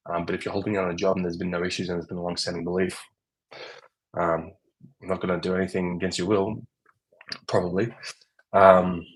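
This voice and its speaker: Man, deep voice, breathy and husky, livestream Q&A, doctor, conversational, thinks aloud. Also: poor audio. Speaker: doctor answering viewer questions. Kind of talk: livestream Q&A with chat.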